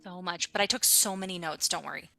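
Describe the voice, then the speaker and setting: A woman playing a tabletop role-playing game, cheerful and quick to giggle. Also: fairly low pitch, gravelly, pushed and bright, no echo, soft background music. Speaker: player.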